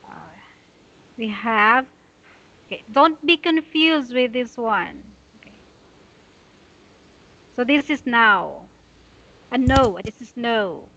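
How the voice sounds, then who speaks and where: A woman's voice: on the high side, lively intonation, takes it slowly, long pauses, bright, forceful tone, muffled recording. A woman tutoring English, patiently correcting a student's reading with many "okay"s.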